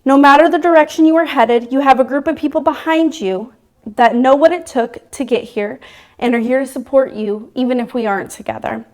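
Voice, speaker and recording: A woman's voice: high voice, a little fast. A young adult woman, a graduating nursing student, gives an earnest, grateful graduation speech read aloud.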